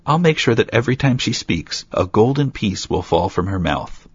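A man's voice: fairly low pitch, lively intonation, normal speed, breathy edge. A man voicing three little men of the woods in a storybook reading, chattering in turns with a sing-song lilt, in a dull, dry lo-fi recording. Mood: kindly, chattering. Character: three small male woodland elves, quaint.

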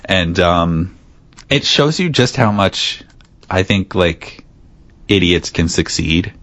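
A man's voice: low-pitched, expressive, slow pace, a bit bright, no echo. A man co-hosting a podcast in casual chat, rambling and teasing with many fillers. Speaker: podcast co-host.

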